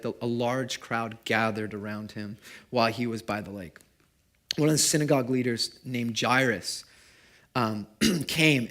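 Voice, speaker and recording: A young adult man preaching a sermon to his congregation in a conversational way, asking them questions and moving between loud and hushed. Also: mid-range voice. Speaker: pastor. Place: church service before a congregation.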